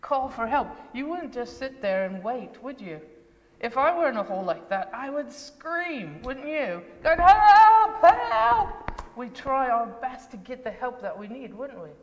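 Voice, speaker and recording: Her voice fairly high and expressive, moving at a moderate pace, a woman asks children questions and encourages them in plain words during a church service talk. The church interior is reverberant, with a little background noise.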